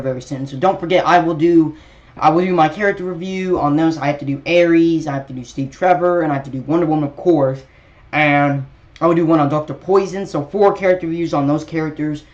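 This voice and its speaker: A man's voice: a little high, fast talker, muffled recording. A young man casually breaking down a movie trailer for his video channel, rambling with lots of fillers and restarts. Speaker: YouTube trailer reviewer.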